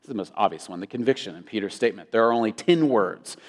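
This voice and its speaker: A man's voice: on the low side, animated, fast. A male pastor preaching an emphatic sermon, with his intensity rising and falling. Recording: long hall reverb.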